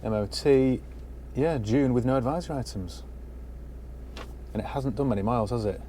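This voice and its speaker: A man's voice: medium pitch, moderate pace, warm tone. A man with a mid-range voice talks casually and wryly as he looks over a used car from the driver's seat. His asides are dry and a little mocking, with faint noise in the background. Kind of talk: casual walkaround commentary. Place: inside a parked car on a cold day.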